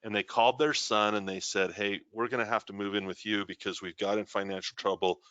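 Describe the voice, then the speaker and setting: A man's voice: on the low side, fairly even intonation, a little fast, sharp tone, clear, resonant tone, no echo, dull audio. A man hosting a live trading show, reading out viewer comments and telling stories in a chatty way. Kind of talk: live-streamed trading talk.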